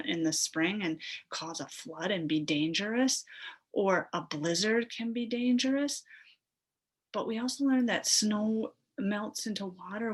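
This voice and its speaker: A woman's voice: mid-range voice, husky, rough recording. A woman teacher leading a phonics lesson for young children, sounding out word parts, blending them and praising the class in a sing-song way. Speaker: elementary school teacher.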